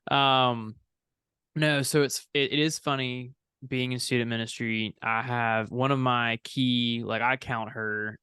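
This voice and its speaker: Man rambling through a story, smooth and dry. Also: mid-range voice, fairly even intonation, unhurried, sharp tone, no echo. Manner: rambling storyteller, frequent self-corrections. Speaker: podcast co-host and student minister. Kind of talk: casual podcast chat.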